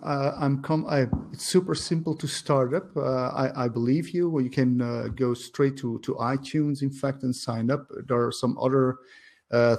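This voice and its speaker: A man's voice: mid-range voice, a little mellow. A man asking questions in a casual video chat, hesitant and full of fillers and restarts. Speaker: interviewer.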